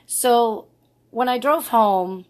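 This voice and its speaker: A woman's voice: fairly high pitch, very slow. A middle-aged woman vlogging casually, telling a personal story in an earnest, rambling way.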